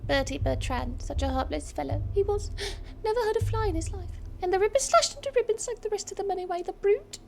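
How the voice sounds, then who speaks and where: A woman voicing a grieving, indignant townsperson in a high, theatrical lament. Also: animated, brisk, vocal fry, darkish tone, exaggerated voice.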